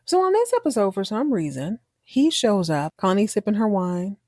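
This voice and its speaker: A woman's voice: medium pitch, big pitch swings, brisk, few pauses, a little mellow, no echo, studio quality. A woman hosting a podcast, giving a casual, candid and slangy recap of a TV episode. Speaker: podcast host.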